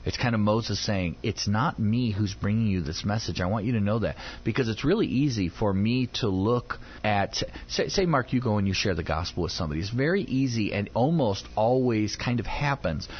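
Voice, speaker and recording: On a radio program, a Bible teacher works through a scripture passage conversationally, animatedly acting out the people he quotes. His voice is lowish and slightly rough, at a moderate pace with few pauses, and the recording sounds dull and lo-fi.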